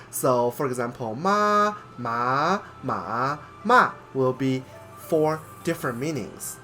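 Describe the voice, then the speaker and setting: A man hosting a lesson on speech sounds, slowly demonstrating tones on drawn-out vowels. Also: fairly high pitch, fairly bright tone. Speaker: host and language teacher. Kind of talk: pronunciation lesson.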